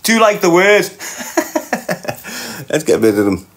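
A man's voice: high-pitched, very animated, quick pace, fairly bright tone. A man with a Liverpool Scouse accent hosting a livestream, reading viewer comments aloud and mocking them with banter and frequent laughs. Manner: mocking banter, laughs often, talks back to chat. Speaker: livestream host.

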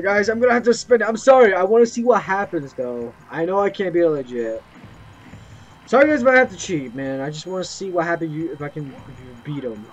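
A young man giving excited gameplay commentary, yelping and swearing as he plays. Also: a little high. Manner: excitable, yelps and swears at the game. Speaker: gameplay streamer. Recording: muffled lo-fi mic with game music.

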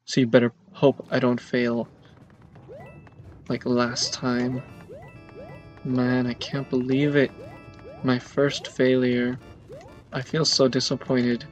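Slow-talking exasperated male gamer. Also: mid-range voice, completely flat delivery. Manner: exasperated, dramatic complaining. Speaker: gameplay commentator. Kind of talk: let's play commentary. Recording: dull lo-fi mic with faint game music.

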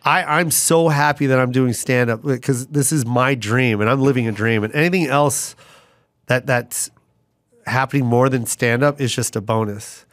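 A middle-aged man, a guest comedian, telling stories in a lively way and slipping into character voices. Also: medium pitch, normal speed, no room sound. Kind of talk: conversational storytelling.

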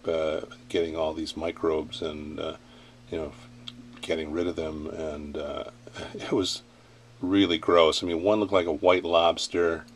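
Congested nasal man, very low voice. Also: a little hiss or hum. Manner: halting, many uh fillers, coughs and throat-clearing. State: congested, nasal from sinus infection. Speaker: vlogger. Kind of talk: rambling casual vlog. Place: ranch, indoors.

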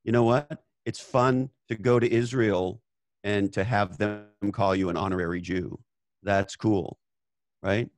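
A man's voice: fairly low pitch, fairly even intonation, unhurried, no echo. A Canadian man hosting a casual conversation, talking bluntly and swearing freely as he tells stories. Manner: blunt, profane, storytelling. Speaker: host.

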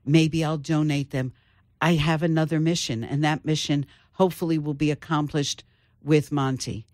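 An older woman, an author, telling her family story in an interview with thoughtful pauses. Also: low voice, fairly even intonation, a little mellow, no echo, studio quality. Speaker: author guest. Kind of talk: interview conversation.

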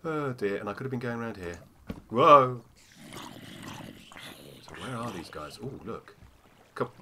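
A man's voice: medium pitch, expressive, a little slow, long pauses, pushed and bright, slight background noise. A man giving casual let's-play commentary, chatty and full of "oh dear" asides. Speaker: gamer.

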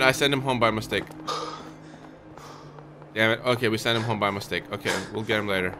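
A man's voice: lowish voice, fairly quick, pauses often. Chatty male let's-play host over game music. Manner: chatty, talks to the viewers and to his in-game dog; excitable, shouts when startled. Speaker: gaming channel host.

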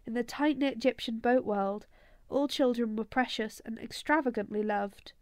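High-voiced woman reading an audiobook. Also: no echo. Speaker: audiobook reader. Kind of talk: audiobook narration.

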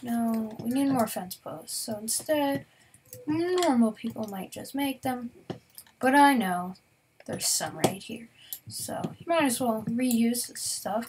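Chatty young woman gaming, slightly high. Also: a little mellow, slight background noise. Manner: chatty, talks straight to viewers, often drops to a whisper. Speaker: gaming YouTuber. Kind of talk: casual Minecraft let's-play commentary.

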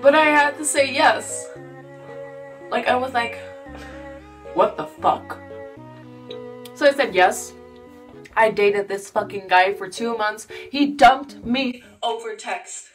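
A woman's voice: on the high side, slow pace, pauses often. A woman narrating a confessional storytime and swearing often. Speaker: vlogger. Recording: distant mic with background music.

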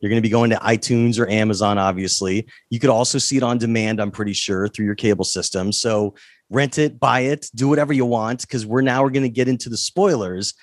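A man's voice: mid-range voice, a little fast, no echo. Dry-sounding male interview host. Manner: direct questioner, steers the talk.

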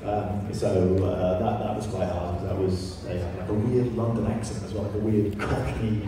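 A man's voice: on the low side, flat delivery, moderate pace. A man speaking as a voice actor on a convention panel, chatty and self-deprecating as he tells anecdotes. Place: large convention hall. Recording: echoey hall, distant mic.

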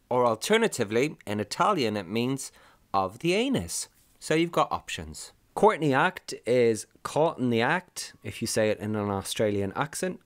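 A man's voice: mid-range voice, dry recording. Man giving dry, wry scripted narration. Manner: listing names with brief wry asides. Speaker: video narrator. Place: lives in the UK.

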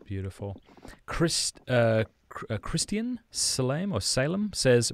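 A man's voice: mid-range voice, sing-song, moderate pace. A man hosting a podcast, reading out viewer questions in a jovial, easygoing way. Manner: jovial, laughing easily. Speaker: podcast host.

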